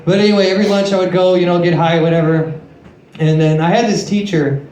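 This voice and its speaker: Late-20s male stand-up comic, slightly high voice, crude self-deprecating delivery, roomy club sound. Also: fairly even intonation, fast, darkish tone. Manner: crude, self-mocking storytelling with frequent swearing. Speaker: stand-up comedian. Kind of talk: stand-up comedy set. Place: comedy club stage. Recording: echoey club room.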